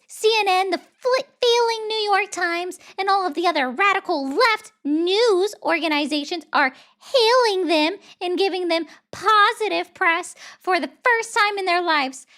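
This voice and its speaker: A woman's voice: very high voice, a bit bright, pitched above the performer's own voice, heavily acted. A woman voicing a boastful, rambling older male president who insults his rivals.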